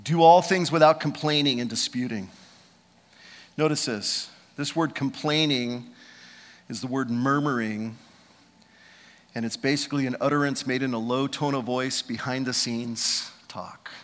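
A man in his fifties preaching a sermon as pastor, swinging between loud preaching and hushed asides. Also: medium pitch, unhurried, big-room sound. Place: church.

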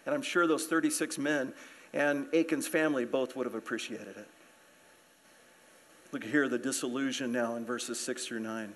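A man's voice: medium pitch, steady tone, normal speed, a bit bright. A man preaching a sermon, explaining the verses in a conversational way and asking his listeners questions. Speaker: pastor.

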